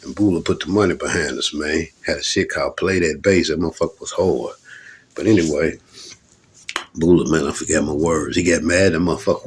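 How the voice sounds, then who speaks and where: A rapper from Louisville, Kentucky, tells his stories in a loose, rambling, profane monologue, repeatedly calling the listener "man." His husky, deep voice keeps a steady tone at a fairly quick pace.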